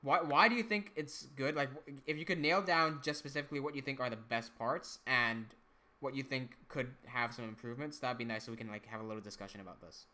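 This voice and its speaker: A young man hosts a relaxed livestream in a bright, clear voice. He chats loosely, picks up viewer comments and restarts his sentences as he goes. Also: medium pitch, fast talker. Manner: chatty, reads out chat comments, frequent restarts. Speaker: livestream host and animator. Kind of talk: casual livestream chat.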